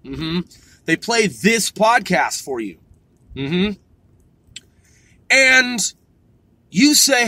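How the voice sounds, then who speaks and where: A man with an unusually high, bright voice delivers a heated, sarcastic podcast rant full of swearing. He speaks from his car, and the sound is dry and close. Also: big pitch swings, very slow, pauses often, no echo. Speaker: podcast host. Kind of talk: profane ranting monologue.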